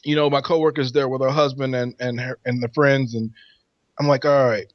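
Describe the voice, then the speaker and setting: A man co-hosting a podcast, telling a story in an animated, laughing way. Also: medium pitch, brisk, no echo, dull audio. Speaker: podcast co-host. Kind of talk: casual storytelling chat.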